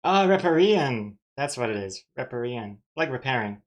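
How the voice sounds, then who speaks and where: A woman's voice: rumbling low, big pitch swings, brisk. A woman from Austria chatting casually on a live stream, playful and self-mocking, often laughing at herself.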